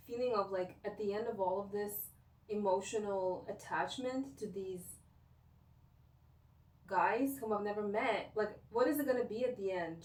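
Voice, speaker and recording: A woman's voice: mid-range voice, darkish tone. A young woman in a casual personal rant, talking in a rambling, emotional way with lots of filler words. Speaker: vlogger. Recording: echoey room, voice picked up from a distance.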